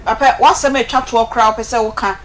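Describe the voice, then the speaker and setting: A woman's voice: a little high, steady tone. Ghanaian woman hosting radio call-in. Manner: brisk, mixes Twi and English.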